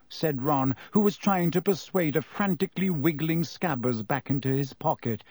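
A man narrating a children's novel in an expressive storytelling manner. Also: on the high side, normal speed, hardly any pauses, dry recording. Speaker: audiobook narrator. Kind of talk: scripted narration.

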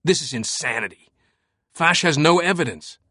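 A man's voice: mid-range voice, very animated, fairly quick, fairly bright tone, no room sound, studio quality. A man voicing a bewildered, angry American male professor in an audiobook, stammering and indignant. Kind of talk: audiobook narration.

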